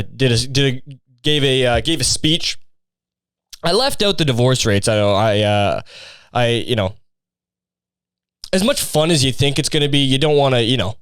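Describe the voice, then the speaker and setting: A man's voice: medium pitch, smooth, no room sound. A young man hosting a podcast, rambling sarcastically with lots of swearing in a casual comedic monologue. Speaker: podcast host.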